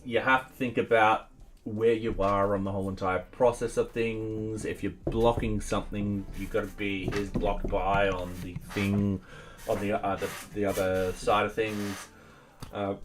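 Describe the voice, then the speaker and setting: Guy with a lowish voice coding at home, thinks out loud, lots of restarts, chats to his cat, quiet music in the background. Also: little pitch movement. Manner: halting, thinks aloud with many restarts. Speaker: software developer streaming his coding. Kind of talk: casual think-aloud coding commentary. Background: faint music and keyboard typing.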